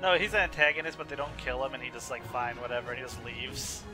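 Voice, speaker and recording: A man's voice: mid-range voice, fast. A young man casually chatting and joking while playing a video game as host. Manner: joking, chatty, laughs easily. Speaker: let's play host. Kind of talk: casual gameplay commentary. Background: faint game music.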